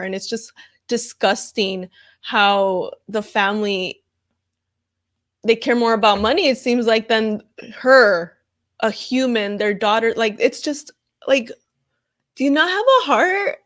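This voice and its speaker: A woman's voice: mid-range voice, fairly bright tone. A woman reacting on camera in a casual vlog, talking in an upset, heated way with lots of fillers, and reading viewer comments aloud. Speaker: comedian reacting to news.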